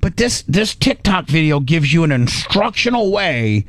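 A man's voice: a little high, sing-song, unhurried, no room sound. A middle-aged man hosting a radio show, telling a story in a rambling, self-mocking way. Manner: rambling, self-mocking, acts out his own panic. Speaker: radio host. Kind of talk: casual on-air storytelling.

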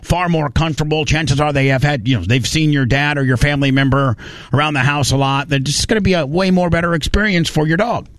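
A man on a podcast, retelling a video story in casual chat, excitable, repeating words and stumbling through restarts. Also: on the high side, quick pace, no echo.

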